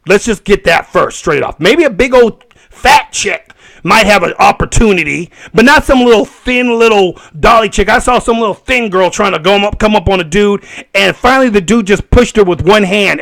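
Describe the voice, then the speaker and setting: A man hosting a solo podcast, ranting in an animated way and laughing often. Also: sits high, creaky. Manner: animated and laughing, acts out voices. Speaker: podcast host.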